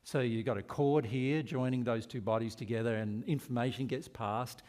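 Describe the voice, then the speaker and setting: A man's voice: medium pitch, moderate pace, a little mellow. A man with an Australian accent giving a spiritual seminar, earnest and asking the audience rhetorical questions. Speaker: spiritual teacher.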